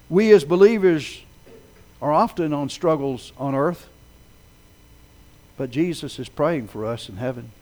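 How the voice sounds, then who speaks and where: Male pastor, sermon, lively pitch that swoops widely, builds and drops for dramatic storytelling. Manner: dramatic storytelling delivery, swelling loud then dropping low.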